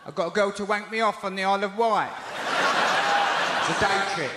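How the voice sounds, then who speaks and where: High-voiced Cockney comedian in an echoey theatre. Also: male voice, a little fast. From East End of London. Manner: animated storytelling with acted-out voices. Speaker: stand-up comedian. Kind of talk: stand-up comedy. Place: large theatre stage. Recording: echoey theatre, loud noise. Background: audience laughter.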